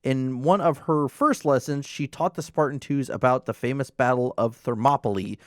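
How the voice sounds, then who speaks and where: A man's voice: medium pitch, normal speed, dry recording, studio quality. A man co-hosting a casual gaming podcast, reading out lore entries and then commenting on them. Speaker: podcast co-host.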